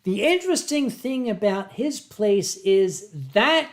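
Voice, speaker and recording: A man from Pennsylvania hosting a casual livestream from home, reading viewer comments and telling stories with drawn-out dramatic emphasis into a webcam mic. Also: high-pitched, big pitch swings. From Pennsylvania, USA. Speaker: livestream host.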